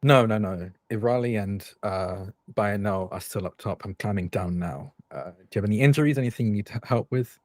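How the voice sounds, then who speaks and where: A man's voice: fairly low pitch, fairly quick, few pauses, darkish tone, no room sound, studio quality. A man playing a tabletop role-playing game, speaking in character in a concerned, practical way. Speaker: player.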